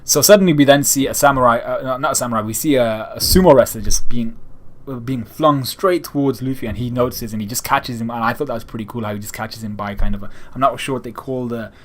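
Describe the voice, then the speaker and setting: A man's voice: medium pitch, fast talker. A young man giving a casual, rambling chapter review of a manga, retelling scenes and slipping into quoted lines.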